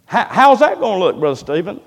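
A fervent preacher whose high voice leaps up and down, rising to loud, emphatic cries and dropping to low, quiet asides. His sermon rings through a church hall with a long, echoing reverb. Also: sing-song, brisk, vocal fry. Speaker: pastor. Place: church sanctuary. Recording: echoey church hall sound.

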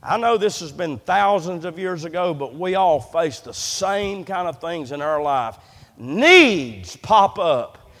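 High-voiced impassioned preacher man. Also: lively intonation, takes it slowly. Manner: impassioned preaching, repeats words, swings loud and soft. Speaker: pastor. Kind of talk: sermon. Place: church sanctuary. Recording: long hall reverb.

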